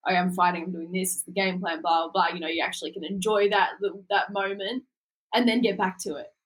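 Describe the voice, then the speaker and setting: A woman's voice: fairly low pitch, a little fast, rough recording. A young Australian woman, a boxer being interviewed, talking casually with lots of fillers and easy laughter. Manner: relaxed, laughs often, trails off into fillers. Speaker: guest boxer.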